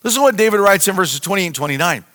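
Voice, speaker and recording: A man's voice: high voice, lively intonation, racing, a bit bright. A man pastor preaching a sermon with impassioned, repetitive cries to his listeners. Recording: long hall reverb.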